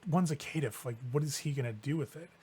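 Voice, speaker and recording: A man's voice: fairly high pitch, quick pace, dark tone, slightly rough. A man voicing a skeptical, gossiping female vampire in a tabletop game, asking dismissive questions.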